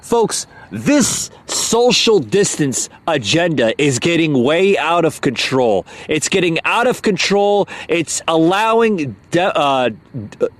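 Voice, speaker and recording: A man hosts a political commentary podcast in a slow, halting delivery full of fillers. His voice sits a little high and carries open irritation. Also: big pitch swings. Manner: aggravated, many uh fillers, stumbling. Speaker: podcast host.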